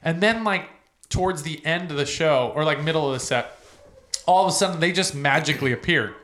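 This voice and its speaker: A man's voice: a little high, a little fast, a bit bright. Man telling a rowdy, profane story. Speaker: podcast co-host. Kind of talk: casual chat.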